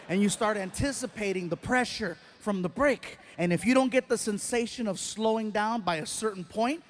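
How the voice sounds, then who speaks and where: A male stand-up comedian with a fairly high voice tells a story on stage before a live audience. He is animated and acts out each scene as he goes, with a faint hiss in the background. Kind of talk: stand-up routine.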